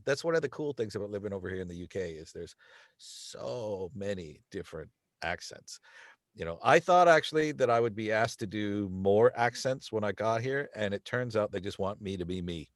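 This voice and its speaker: Man from the US, animated talker, playful accents, dry close recording. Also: lowish voice, no room sound. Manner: animated, laughs often, slips into playful accents. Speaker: podcast guest, voice actor. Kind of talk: casual chat. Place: lives in the UK.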